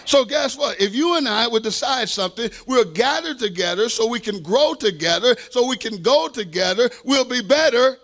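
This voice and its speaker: A man's voice: very high-pitched, animated, normal speed, hardly any pauses, fairly bright tone. A man pastor preaching a sermon with fervent delivery, call-and-response asides and playful self-deprecating humor.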